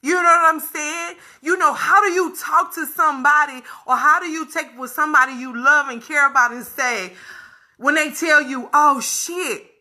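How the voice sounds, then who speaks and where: Woman vlogger, high and piercingly bright, emphatic, repeats herself, addresses viewers directly. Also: normal speed. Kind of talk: candid talk to viewers.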